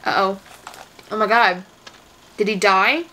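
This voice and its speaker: A woman's voice: medium pitch, slow pace, sharp tone, slight background noise. A woman giving casual commentary as she reacts to a movie, exclaiming and gasping at the screen, anxious and near tears for the characters.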